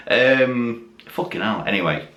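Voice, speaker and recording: A man's voice: mid-range voice, a bit bright. Tipsy rambling man. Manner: rambling, swearing, self-mocking. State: tipsy from drinking. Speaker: YouTube channel host. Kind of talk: casual chat to camera. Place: dim room at home, lit by Christmas lights. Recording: echoey room with faint background noise.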